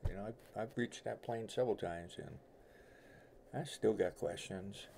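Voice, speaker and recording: A man's voice: on the low side, measured pace, creaky, background noise. A middle-aged man with a blend of New York and Southern accent, chatting casually and rambling folksily as host of a tarot livestream from home. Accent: mix of New York and Southern US. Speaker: tarot reader and stream host. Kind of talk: casual livestream chat with viewers.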